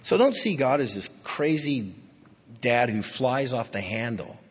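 A man preaching a sermon with deep feeling, his voice going from hushed to emphatic. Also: sing-song, a little slow, husky. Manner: emotional, swinging from hushed to emphatic. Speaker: pastor. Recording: dull lo-fi sound with long hall reverb.

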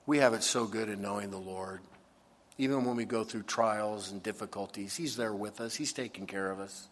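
A man preaching a sermon in an animated way, sometimes acting out complaining voices. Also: fairly low pitch, normal speed, long reverb tail. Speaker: pastor.

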